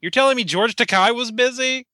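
High, bright-voiced man chatting casually. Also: fairly quick, dry recording, studio quality. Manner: restarts a lot, builds to emphatic rhetorical questions. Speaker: podcast co-host. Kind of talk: casual chat.

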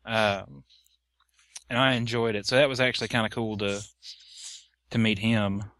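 A man rambling in casual podcast chat, halting and restarting as he recalls a convention. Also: on the low side, steady tone, a bit bright, no room sound, clean studio sound.

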